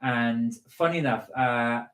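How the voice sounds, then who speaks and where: A man's voice: mid-range voice, unhurried, fairly bright tone, reverberant. A man from the West Country co-hosting a live stream, chatting casually and telling stories with frequent laughs. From West Country of England. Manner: chatty storyteller, laughs often, slips into impressions. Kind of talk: casual chat.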